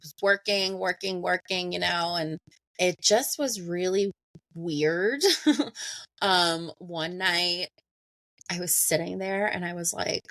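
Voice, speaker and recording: A woman in her thirties tells a personal story in a relaxed, chatty way. She laughs often and slips into the voices of the people in it. The sound is close and dry, with no room echo. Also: lowish voice, slow pace. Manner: laughs often, acts out conversations. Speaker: podcast guest. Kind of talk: casual storytelling.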